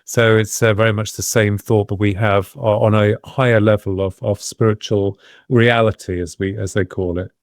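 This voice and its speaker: A man with a fairly low voice tells a long personal story in a reflective, wandering way. He often pauses and restarts his sentences as he goes. The sound is dry and close. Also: level tone, no room sound. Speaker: guest, medium and UFO researcher. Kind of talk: casual podcast interview storytelling.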